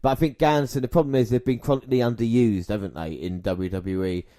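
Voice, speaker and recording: A man's voice: medium pitch, steady tone, quick pace, warm tone. A man co-hosting a podcast, chatting casually through the news, laughing often and tripping over words now and then. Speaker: podcast co-host.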